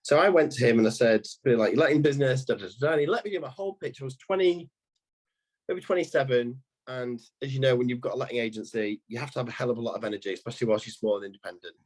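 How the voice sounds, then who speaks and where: Man, thirties, husky voice, rambling anecdotes, podcast guest. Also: medium pitch, quick pace. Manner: rambling anecdotal, frequent restarts. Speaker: estate agency owner. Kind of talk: podcast interview storytelling.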